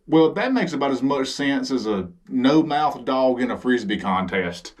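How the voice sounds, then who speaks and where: A man's voice: mid-range voice, lively intonation, moderate pace, hardly any pauses, far from the mic. A man with a Southern US accent giving a sarcastic, exasperated comedic monologue as the host of his own show. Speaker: comedy vlogger.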